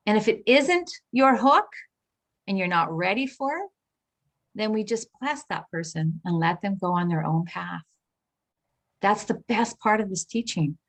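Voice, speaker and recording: A woman minister giving a reflective spiritual talk, gentle and searching, with pauses and restarts. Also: medium pitch.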